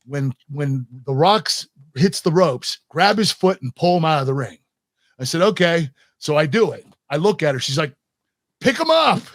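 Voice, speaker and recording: Animated American man telling wrestling stories. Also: a little high, no room sound, studio quality. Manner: animated, laughs often, acts out quoted lines. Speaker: guest, retired pro wrestler. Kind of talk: casual interview storytelling.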